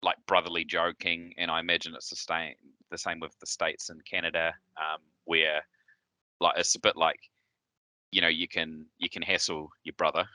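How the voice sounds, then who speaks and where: Kiwi guy hosting a podcast, real low voice but bright and forceful, lots of ums and restarts, dry close sound. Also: little pitch movement, moderate pace, dry recording. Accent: Southern New Zealand. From New Zealand. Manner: hesitant, many fillers and restarts. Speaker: podcast host. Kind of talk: casual chat.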